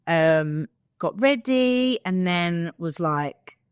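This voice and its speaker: A young woman co-hosting a podcast speaks very slowly in a clear, resonant voice on the low side, recorded dry with studio quality. Telling a story in casual chat, she's animated, acts out quotes, and swears freely.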